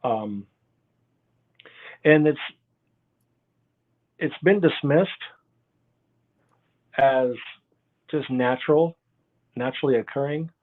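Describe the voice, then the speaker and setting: A man talks through his stories as a guest, circling back and losing his thread as he goes. His voice sits at an everyday middle pitch. It comes through thin and tinny, like a phone line on a video call. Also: takes it slowly, pauses often. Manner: rambling, loses his train of thought. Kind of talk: casual interview storytelling.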